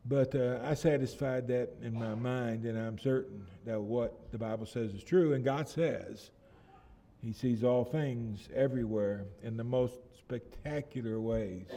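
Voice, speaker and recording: A middle-aged man preaching a sermon, often restarting phrases and swelling loud and slow when he reads scripture. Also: medium pitch, slight background noise.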